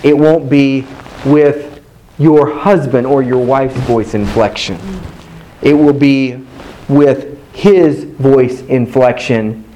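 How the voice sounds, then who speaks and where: A man's voice: medium pitch, warm tone, slight background noise, poor audio. A man preaching a sermon in a hotel meeting room, building his points through rhythmic repetition and call-and-response with the congregation.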